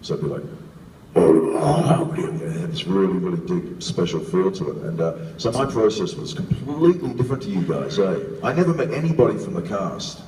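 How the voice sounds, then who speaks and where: A very deep-voiced man speaking on a convention panel, rambling through an enthusiastic story with lively rises and falls. He is heard from far away in a big echoey hall, with faint noise behind him. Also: brisk, hardly any pauses. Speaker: panelist, voice actor.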